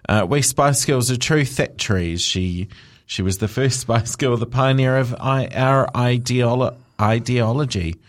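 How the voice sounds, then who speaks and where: A man's voice: medium pitch, unhurried. A man hosting a show, reading celebrity news with chatty asides and jokes, often stumbling over words. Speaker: radio host.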